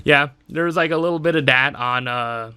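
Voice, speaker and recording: Young man, solo podcast host, rambling casual talk, frequent laughter, bright tone. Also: mid-range voice, normal speed, smooth, no echo. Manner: rambling, laughs often, lots of fillers like "man".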